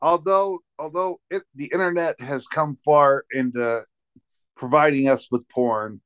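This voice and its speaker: A man's voice: on the high side, unhurried, fairly bright tone, clear, resonant tone, no room sound. A man chatting casually as a stand-up comedian co-host, telling stories about shows, swearing and laughing. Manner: storytelling, swears freely, laughs a lot. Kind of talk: casual podcast chat.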